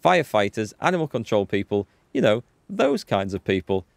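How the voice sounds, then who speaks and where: Brief: a man doing a tactful, patient lieutenant, lowish voice, dry close sound. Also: very animated, a little fast, creaky, dry recording. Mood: musing. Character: calm, tactful male police lieutenant.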